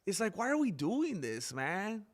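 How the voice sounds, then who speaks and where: Rambling live-stream host man, slightly high. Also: wildly swooping pitch, a little slow. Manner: rambling, reads viewer names aloud, self-correcting asides. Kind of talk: casual live-stream chat.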